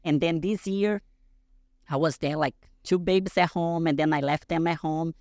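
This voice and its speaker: A woman's voice: deep voice, normal speed, a little mellow, no echo. Woman, 30s, talking casual on a podcast, lots of "like" and "you know", dry close mic. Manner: chatty, many fillers. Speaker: guest. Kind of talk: casual interview chat. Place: studio, podcast.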